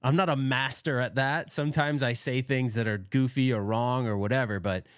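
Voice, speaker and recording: A man's voice: medium pitch, steady tone, moderate pace, clean tone, no room sound, studio quality. A man hosting a casual livestream, chatting and reading out viewer comments in a rambling, self-deprecating way, often laughing. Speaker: livestream host.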